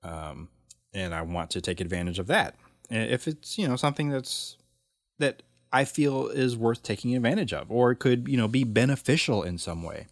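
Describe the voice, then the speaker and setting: A man's voice: medium pitch, normal speed, no room sound, studio quality. A man hosting his own podcast, talking casually and rambling with lots of fillers and restarts. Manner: rambling and chatty, with many fillers and self-corrections. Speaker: podcast host. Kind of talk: casual solo podcast chat.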